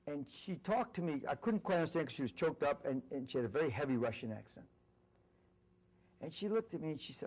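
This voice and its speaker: A man's voice: a little high, quick pace, breathy edge. A middle-aged man, a company executive, giving an earnest motivational speech full of stories at a university event. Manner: storytelling, animated and earnest. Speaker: corporate executive speaker.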